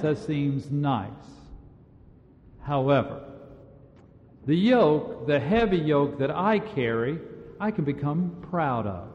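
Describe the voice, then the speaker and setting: A man's voice: fairly high pitch, darkish tone. A man preaching a sermon as a pastor, in a conversational, emphatic way. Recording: dull sound in a large reverberant hall.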